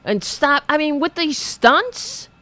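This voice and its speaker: A woman's voice: sits high, very animated, slow, a bit bright, no room sound. A woman hosting a political show, ranting in a profane, sarcastic, exasperated way while reading viewers' chat.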